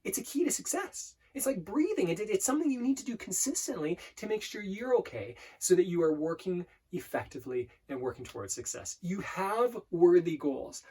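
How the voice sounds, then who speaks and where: A life coach speaks to camera in an earnest self-help lesson on affirmations, his voice high, warm, and slightly rough with lively intonation. He often repeats words and restarts as he explains, slowing down whenever he demonstrates.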